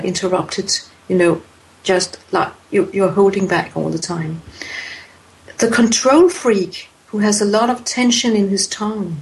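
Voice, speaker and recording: A woman's voice: medium pitch, rough recording. A woman answering interview questions about voice types, hesitant and thoughtful, with many fillers and restarts. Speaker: voice expert guest.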